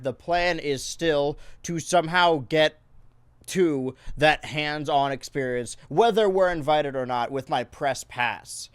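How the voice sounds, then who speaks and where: A young man hosting a joke news show, with a jokey, excitable mock-newscaster delivery. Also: a little high, clear, resonant tone, no echo. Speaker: host.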